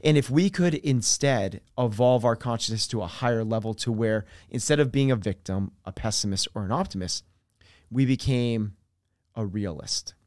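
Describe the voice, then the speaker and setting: A man of middle pitch talks as a podcast guest in an earnest, explanatory way. He leans on everyday examples and lowers his voice on key points. The recording is dry and close, with no room sound. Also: normal speed, darkish tone, no room sound. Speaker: podcast guest, fitness coach. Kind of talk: conversational podcast interview.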